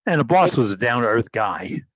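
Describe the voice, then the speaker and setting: A man's voice: mid-range voice, big pitch swings, normal speed, a bit bright, dry recording. A man hosting a casual video-call meeting, telling a rambling story with many restarts. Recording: dull, dry video-call audio.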